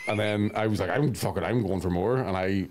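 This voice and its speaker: A young Northern Irish man, a comedian guest on a podcast, telling crude stories in a bawdy, self-mocking way with deadpan punchlines. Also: fairly low pitch, a little hiss or hum. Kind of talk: casual podcast chat, crude storytelling.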